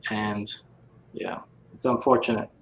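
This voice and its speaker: A man hosting a casual podcast chat, speaking in a measured, thoughtful way with halting restarts. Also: fairly low pitch, steady tone, gravelly, a bit bright, echoey room, poor audio. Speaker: podcast host.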